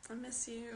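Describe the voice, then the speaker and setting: Bubbly teen girl from canada doing a phone live q&a, highish bright voice, giggly. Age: teens. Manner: bubbly, chatty, giggly, reads comments aloud. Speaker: actress answering fans. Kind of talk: casual live stream Q&A. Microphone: phone at arm's length.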